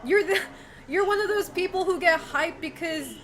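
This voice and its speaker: A woman's voice: extremely high pitch, moderate pace, a bit bright. A woman streaming live, chatting casually with her viewers, giggling often and swearing now and then. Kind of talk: casual livestream chat.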